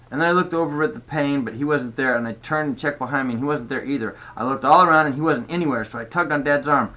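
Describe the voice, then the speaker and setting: An older grandfather reading a children's storybook aloud in an expressive manner. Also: mid-range voice, fast, hardly any pauses, poor audio. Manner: expressive, stops to restart.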